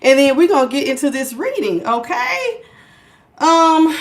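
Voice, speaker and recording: A woman's voice: sits high, big pitch swings, a little slow. A woman hosting a tarot reading stream in a chatty, laughing way, out of breath. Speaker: tarot reader. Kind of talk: casual livestream talk.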